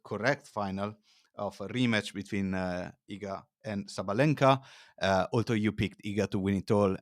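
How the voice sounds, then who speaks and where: A man as a podcast guest, telling stories in a casual, animated way. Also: sits low, dry recording, studio quality. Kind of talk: casual chat.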